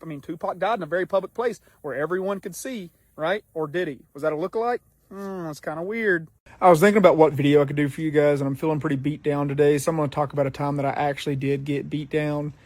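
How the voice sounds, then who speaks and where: A man in his thirties talks fast and a little high, piling on fillers as he spins a story for his viewers. The sound is dry and close, with no room around it. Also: no echo. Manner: rambling, animated storytelling with many fillers. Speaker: vlogger. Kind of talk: casual storytelling to camera.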